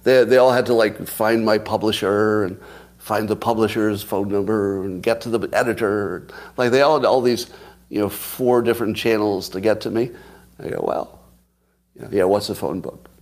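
He's a podcast host from the United States, in his sixties, chatting and laughing as he shares stories on a casual livestream. The voice is lowish and steady, at a normal speed, with a darkish tone.

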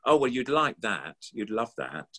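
An older puppeteer chatting about his past in a rambling, enthusiastic way. His voice sits very low with a husky grain. He fills his sentences with ums and warm exclamations. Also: very animated, moderate pace. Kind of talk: casual reminiscing chat.

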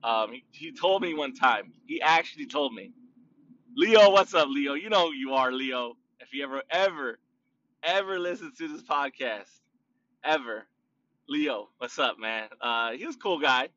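A man hosting his own podcast, musing aloud in a loose, rambling monologue full of fillers, restarts and long drawn-out words. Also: medium pitch, bright, forceful tone, no room sound, recorded from a distance, muffled recording. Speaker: podcast host.

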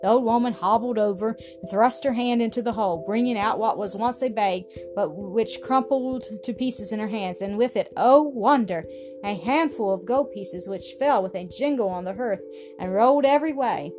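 A woman reading a story aloud in a steady, expressive way. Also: a little high, normal speed. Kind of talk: storybook narration. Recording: music playing behind.

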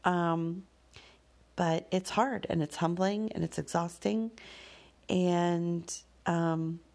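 Mom talking slow and low-ish, candid reflective story about parenting, lots of ums and sighs. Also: female voice, steady tone, gravelly. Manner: candid, slow and thoughtful, with soft fillers and sighs. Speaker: parent sharing personal story. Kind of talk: reflective personal monologue.

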